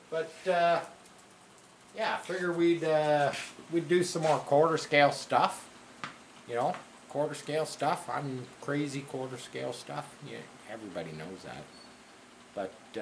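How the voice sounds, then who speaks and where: A man casually hosting a workshop vlog from his home garage, rambling with lots of fillers. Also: mid-range voice. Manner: rambling, filler-heavy, chatty. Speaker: car builder hosting his workshop channel. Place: home garage with a wood stove. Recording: echoey garage with faint background noise.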